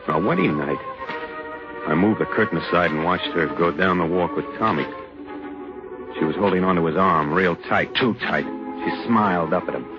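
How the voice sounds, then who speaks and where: Brooding jealous husband, low voice, muffled old radio with music under it. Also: male voice. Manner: tense, brooding, confessional narration. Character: jealous anguished young husband narrating. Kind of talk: 1940s radio acting. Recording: dull vintage radio recording with music.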